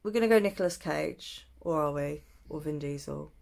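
A young woman chatting through a makeup tutorial, answering questions aloud with many pauses and ums. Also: low voice, gravelly, darkish tone. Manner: thinking aloud with many ums, self-teasing. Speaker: beauty vlogger.

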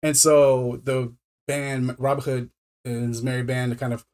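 Man, film reviewer, casual rambling recap, lots of restarts; mid-range pitch. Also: level tone, a little slow, darkish tone. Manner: stammering repetitions with many fillers.

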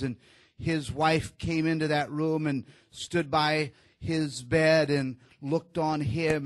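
Man, preacher, slightly high voice, dry close sound, sermon storytelling, hushed then rising, halting fillers. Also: dry recording. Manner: storytelling, drops soft and low at emotional moments, rises louder when exhorting; frequent fillers and restarts.

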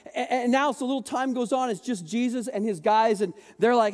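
A male pastor preaching a sermon to a church congregation, lively and joking, acting out the voices of people in the story and getting the crowd to repeat words. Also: very high-pitched, a little fast. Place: large church hall. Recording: long reverb of a church hall.

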